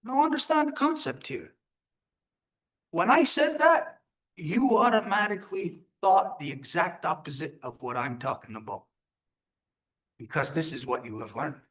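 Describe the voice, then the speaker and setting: A man leads a live teaching session, his voice sitting high for a man and swinging widely in pitch. He talks emphatically and keeps putting questions to his listeners. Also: expressive, a little slow, fairly bright tone. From Turtle Island. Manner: emphatic, rhetorical, asks the audience questions. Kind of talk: live teaching talk to an audience.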